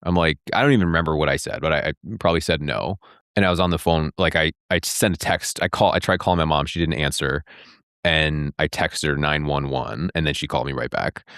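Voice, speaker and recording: A man's voice: extremely low pitch, steady tone, fairly quick, a bit bright, clean tone, no room sound, studio quality. A man in his thirties telling a personal story in an interview, acting out the dialogue and filling his speech with "like". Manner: retelling with quoted dialogue, many "like" fillers. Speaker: interview guest.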